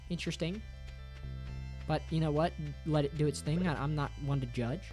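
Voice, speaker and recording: A game streamer, male, with a slightly high, darkish voice at a moderate pace, reads viewers' chat aloud. He jokes crudely and profanely, teasing in a mock-dramatic way, over faint game music.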